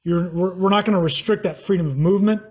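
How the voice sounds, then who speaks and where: American man, teacher, slightly raised pitch with a husky edge, plain lecture delivery. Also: quick pace, darkish tone, lo-fi sound. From United States. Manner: plain explanatory, with fillers and restarts. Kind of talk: recorded class lecture.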